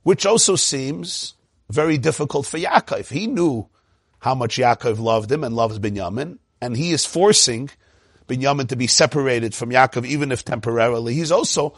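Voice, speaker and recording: A man's voice: mid-range voice, lively intonation, moderate pace, slightly rough, no echo, clean studio sound. A man teaching a Torah lesson, retelling a biblical story with repeated phrases for emphasis and quoting Hebrew verses before translating them.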